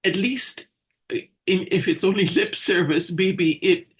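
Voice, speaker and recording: Higher-voiced, thoughtful man co-host. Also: a bit bright. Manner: thoughtful, hesitant, measured. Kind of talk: casual spiritual discussion.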